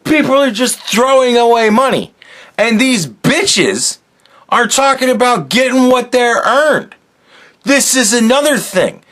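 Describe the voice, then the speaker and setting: In a solo rant on his own podcast, a man sounds angry, profane and sarcastic, with heavy swearing. He speaks at a moderate pace in a very high-pitched, slightly bright voice.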